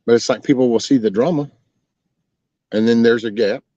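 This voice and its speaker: A man from Texas with a mellow, mid-range voice hosts a relaxed live stream, speaking at a normal pace. He answers chat in a folksy, rambling way over dull lo-fi audio with no room sound.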